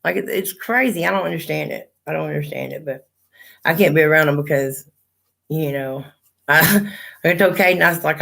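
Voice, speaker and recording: A woman's voice: low voice, normal speed, gravelly, a bit bright. A middle-aged woman, chatting on a livestream and telling blunt, profane stories. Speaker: livestream host. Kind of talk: casual chat.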